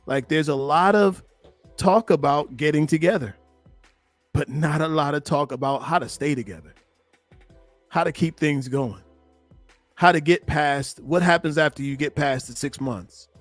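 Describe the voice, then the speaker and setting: A man with a slightly high voice talks as a relationship coach, reacting to a clip. He is animated and emphatic and speaks right to his listeners. His voice is dry and close, with faint music behind him. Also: moderate pace, no room sound. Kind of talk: reaction commentary on a played clip.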